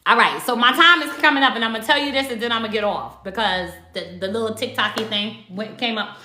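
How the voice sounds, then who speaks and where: A woman with a bright, lively voice, speaking in with a somewhat high pitch. She tells a personal story in an emphatic, animated way, swearing freely. The room is echoey. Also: fast. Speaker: spiritual livestreamer. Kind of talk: casual livestream chat.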